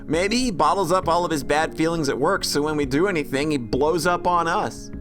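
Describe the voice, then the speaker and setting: A woman voicing a cautious, calmly reasoning teenage boy in a game. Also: low-pitched, brisk, pitched below the performer's own voice, lightly acted. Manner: calm, reasoning. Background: game music.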